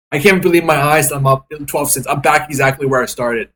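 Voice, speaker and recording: A man's voice: on the high side, fast, a bit bright. A young man giving live, profanity-laden commentary on his day trades, frustrated and ranting.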